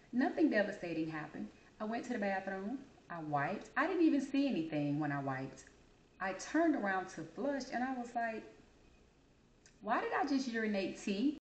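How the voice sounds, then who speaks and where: A woman chatting straight to her viewers, telling a story with big swings in her voice and a high squeal when she quotes herself. Her easy vernacular and y'all give it a homey feel, and the room adds a clear echo. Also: lo-fi sound. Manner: animated, high squeaky voice for quoted childhood self; Southern-style American vernacular, addresses audience as y'all. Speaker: host.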